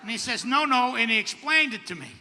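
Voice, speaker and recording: A middle-aged man works a stand-up set with a wry, self-deprecating, punchy delivery. His voice sits unusually high and cuts through sharply bright. The live stage sound carries a long reverb tail over faint crowd ambience. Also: lively intonation, fairly quick, a little hiss or hum. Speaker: stand-up comedian. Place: outdoor comedy stage at a camp festival.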